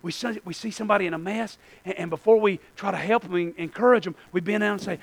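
A man preaching a sermon, folksy, calling out to the congregation and swinging from hushed asides to shouted lines. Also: high-pitched, quick pace, gravelly, few pauses. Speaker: pastor.

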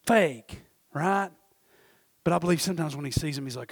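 Middle-aged preacher guy, high raspy voice, rambly, goes from whispering to hollering, dry sound. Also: expressive, normal speed, no room sound. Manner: rambling, self-interrupting, swings from hushed asides to shouting. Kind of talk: sermon.

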